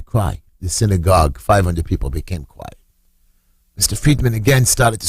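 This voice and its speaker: Husky-voiced New man telling a story. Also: lively intonation, moderate pace, darkish tone, no echo, clean studio sound. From Brooklyn, New York. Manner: dramatic retelling, voice leaping high when acting out screams. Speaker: council candidate. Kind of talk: emotional storytelling on radio.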